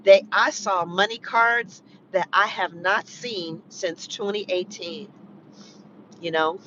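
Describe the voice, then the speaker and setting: Slow-talking vlogger, rambling and halting, bright voice, muffled lo-fi sound. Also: medium pitch, steady tone, slight background noise. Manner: rambling, halting, full of "you know". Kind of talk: emotional personal chat. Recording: muffled lo-fi recording.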